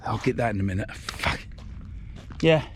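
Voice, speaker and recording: A man's voice: on the low side, lively intonation, moderate pace, noisy background. A middle-aged man, filming a casual outdoor vlog by a riverside shore on a handheld camera, talking in a blunt, grumbling way and swearing freely. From England. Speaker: fishing vlogger.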